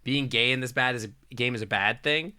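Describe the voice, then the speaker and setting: A man's voice: medium pitch, brisk, pushed and bright. A young man streaming a game, reading its text aloud and bantering crudely with chat, laughing often. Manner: playful, crude, laughs often, reads narration aloud between jokes.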